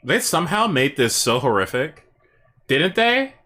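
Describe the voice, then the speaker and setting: Rambling, lively-voiced male streamer. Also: fairly high pitch, unhurried. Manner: rambling, hesitant, full of fillers. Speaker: livestream host. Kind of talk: casual live-stream chat.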